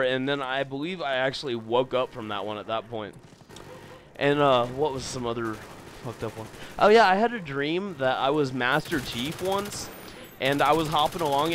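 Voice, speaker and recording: A man's voice: mid-range voice, fairly bright tone, a little hiss or hum. Rambling, profane young man telling stories. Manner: rambling, profane, filler-heavy. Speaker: gameplay commentator. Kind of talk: casual storytelling over gameplay.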